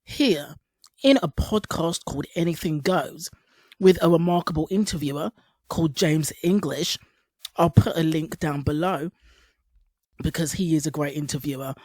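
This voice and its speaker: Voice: medium pitch, normal speed, darkish tone, no echo. A video essay narrator reading scripted voice-over steadily, stumbling now and then on words.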